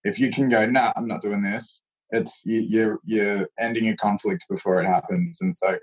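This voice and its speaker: In a low-quality recording, an Australian martial arts instructor speaks at normal speed with a voice on the low side. He's an animated storyteller in a casual interview, performing the quoted voices himself.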